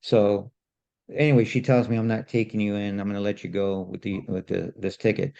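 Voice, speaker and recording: Gravelly-voiced man telling a story. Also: lowish voice, fairly quick, lo-fi sound. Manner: animated, indignant, repeats himself. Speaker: podcast co-host. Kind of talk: casual storytelling.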